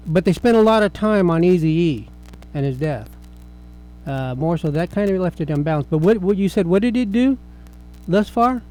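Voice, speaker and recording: High-voiced, mellow male film show host. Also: poor audio. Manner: chatty, rambling, with frequent restarts. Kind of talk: casual film review chat.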